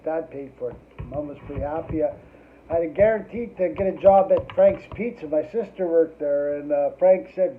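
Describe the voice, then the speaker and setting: A man's voice: on the high side, fairly quick, slight background noise. A middle-aged man telling a rambling, profane anecdote in casual chat, ending his lines with "eh". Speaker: storyteller. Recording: tinny phone-like sound.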